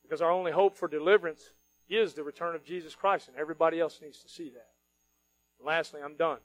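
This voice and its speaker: A male pastor preaching a sermon, switching between quiet earnest stretches and loud mocking outbursts. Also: on the high side, quick pace, low-quality recording. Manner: animated, mocking voices of worried people, rising to shouts.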